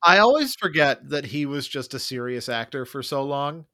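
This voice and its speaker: A man's voice: medium pitch, animated, moderate pace, sharp tone. A man discussing a movie casually as a podcast co-host, thoughtful and wry, hedging his points.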